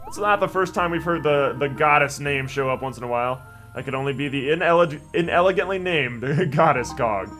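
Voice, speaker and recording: Young male let's-player, slightly high voice, rambling and jokey, faint game music behind. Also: a little fast, fairly bright tone. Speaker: gaming channel host. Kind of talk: let's play commentary, reading dialogue aloud.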